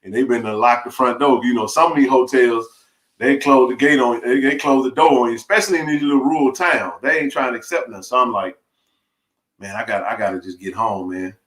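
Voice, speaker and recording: A middle-aged man, telling a rambling, animated story on a live stream, full of restarts and laughs. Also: medium pitch, a little fast. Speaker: live-stream sports chat host. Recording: roomy echo.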